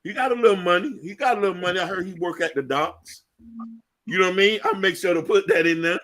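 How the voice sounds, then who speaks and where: A man hosting a casual talk show, joking and animated, playing up mock fear. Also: high-pitched, fast. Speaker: show host.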